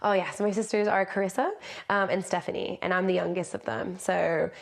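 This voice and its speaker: A woman from the United States appears as a podcast guest and lived-experience practitioner in a conversational interview. She's an animated storyteller who acts out quotes as she goes. Her voice is on the low side with vocal fry, and she talks a little fast.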